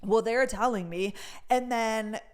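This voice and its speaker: A young woman hosting a podcast, telling a story in a chatty, animated way and saying "like" a lot. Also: on the high side, measured pace, smooth. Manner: chatty, heavy on "like," animated retelling. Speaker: podcast host. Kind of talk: casual storytime chat.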